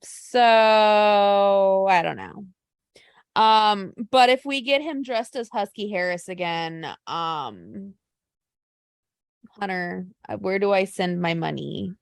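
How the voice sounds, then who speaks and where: A woman co-hosting a casual podcast, gushing and animated as she tells stories. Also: mid-range voice, slow pace, creaky, smooth, no echo. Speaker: podcast co-host. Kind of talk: casual chat.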